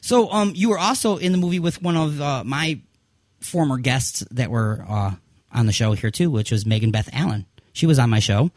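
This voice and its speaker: A man's voice: mid-range voice, expressive, normal speed, a little mellow. A man hosting an interview show, chatting casually and putting on silly voices in passing. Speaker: interview host and indie filmmaker.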